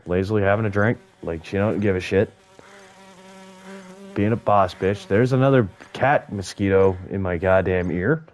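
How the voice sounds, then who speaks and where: A man's voice: deep voice, slight background noise. A young man giving casual, profane gameplay commentary, joking and talking to the creatures on screen. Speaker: gaming YouTuber.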